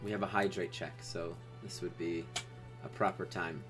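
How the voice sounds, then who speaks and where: A man's voice: low-pitched, fairly even intonation, normal speed, a bit bright, faint music behind. A man narrating as game master in a live tabletop game, loose and hesitant in delivery. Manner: loose, hesitant with fillers, friendly.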